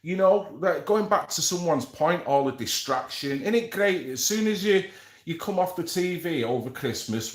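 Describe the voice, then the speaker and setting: A man who hosts a live stream, chatting casually and rambling with slang asides as he reads from an article. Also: medium pitch. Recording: echoey room.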